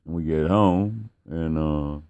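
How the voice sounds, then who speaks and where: A man's voice: very deep voice, slow pace, a little mellow, clean tone, dull audio. A man telling a story casually, rambling and swearing, with plenty of fillers. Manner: rambling and profane, with many fillers and acted-out quotes.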